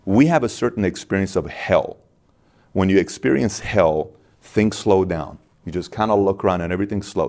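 Emphatic low-voiced man telling a story. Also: moderate pace, a little mellow. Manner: emphatic, with repeated phrases and rhetorical questions. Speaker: interviewer and podcast guest. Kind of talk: conversational storytelling.

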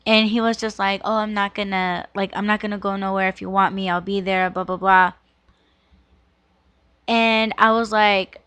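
A woman's voice: mid-range voice, fairly even intonation, a little slow, fairly bright tone, clear, resonant tone, no room sound. A woman in her thirties hosting a podcast, telling a personal story in a frank, casual way, peppered with "like" and "you know" and swearing. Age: 30s. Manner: heavy use of "like" and "you know", frank and profane. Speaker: podcast host.

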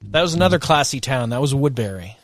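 A man's voice: medium pitch, animated, fast, no echo. A man co-hosting a podcast in casual chat, with a wry, teasing manner. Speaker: podcast co-host.

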